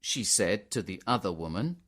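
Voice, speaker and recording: A man's voice: deep voice, animated, moderate pace, a bit bright. Man narrating a graded reader story.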